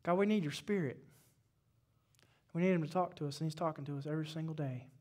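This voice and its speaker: Male pastor with a high voice, mid-sermon. Talks casually, quizzes the congregation, and swings between quiet prayer and loud exhortation. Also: quick pace.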